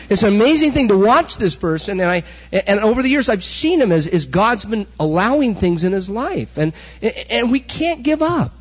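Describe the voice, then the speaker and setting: Animated preacher man, slightly husky. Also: high voice. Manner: animated storytelling preacher, acts out quotes. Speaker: pastor. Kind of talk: sermon. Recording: dull recording with hall echo.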